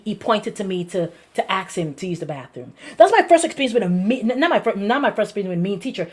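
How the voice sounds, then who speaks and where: A Guyanese woman pastor telling her life story in an animated way, with lots of repetition and restarts. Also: medium pitch. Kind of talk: personal testimony to a congregation.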